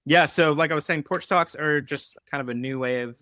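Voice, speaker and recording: A man co-hosting a casual live-streamed talk, easygoing and rambling, with a relaxed joking manner. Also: on the high side, a little fast, no echo. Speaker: podcast co-host.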